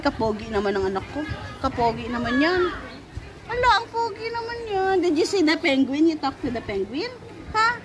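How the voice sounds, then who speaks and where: A woman's voice: high voice, very animated, fairly quick. A woman with a Filipino accent, casually chatting with her small child at the zoo in a coaxing, sing-song way. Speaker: mother filming her child. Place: outdoor zoo with crowds. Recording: crowd noise of a busy zoo.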